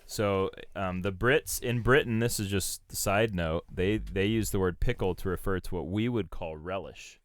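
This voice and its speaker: A man's voice: low-pitched, normal speed, hardly any pauses. A man co-hosting a podcast in a playful, jokey way, reading out research notes between asides. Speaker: podcast co-host. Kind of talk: casual chat.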